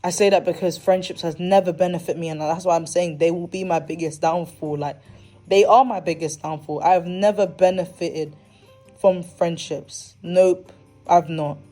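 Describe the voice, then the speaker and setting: A woman's voice: on the low side, fairly even intonation, moderate pace, mellow, faint music behind. A young woman hosting a podcast, talking candidly and animatedly in a casual monologue with slangy, dramatic asides. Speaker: podcast host.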